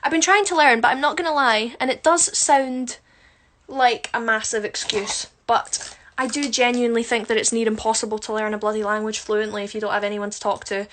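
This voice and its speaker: A young woman, talking casually into her phone at home as she reads out viewers' comments. Her voice sits high, and she slips between near-whispered asides and bright, louder bursts, padding it all with plenty of ums. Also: fairly even intonation, fairly quick, a little hiss or hum. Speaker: musical theatre performer on a live stream. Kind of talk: casual livestream chat reading comments. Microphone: phone camera close up.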